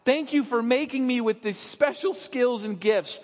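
A preacher voicing a grateful believer who talks to God with eager joy. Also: male voice, very high-pitched, normal speed, pitched above the performer's own voice. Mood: thankful. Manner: eager, thankful, bright. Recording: dull recording with long hall reverb.

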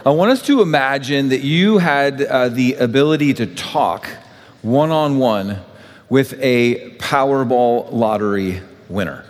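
A man preaching to a church congregation, telling a made-up story and acting out both voices in the conversation with lively shifts. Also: mid-range voice, measured pace, long reverb tail. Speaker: pastor. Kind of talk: sermon. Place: church sanctuary.

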